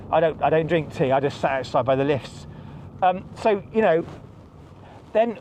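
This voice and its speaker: A man's voice: on the high side, lively intonation, moderate pace, darkish tone, a little hiss or hum. A middle-aged man, a podcast host delivering an angry, stressed monologue full of swearing and repetition. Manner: angry, heavy swearing, repeats himself. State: stressed and agitated. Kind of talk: ranting monologue.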